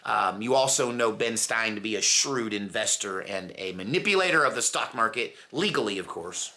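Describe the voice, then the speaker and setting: A man's voice: lowish voice, lively intonation, normal speed, bright, forceful tone. A middle-aged man hosting his own channel, telling stories in a casual rambling way and mimicking voices as he goes. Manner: storytelling, mimics voices, laughs at own jokes. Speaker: commentary channel host.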